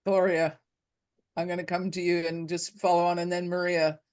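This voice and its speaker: A woman hosting a panel discussion, friendly and measured, asking long questions. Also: on the low side, level tone, a little mellow, clean tone. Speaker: host.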